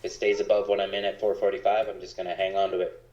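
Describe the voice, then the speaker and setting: A man talking casually in a monotone on a stock trading livestream. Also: low-pitched, very fast. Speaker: co-host trader. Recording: echoey, dull lo-fi sound.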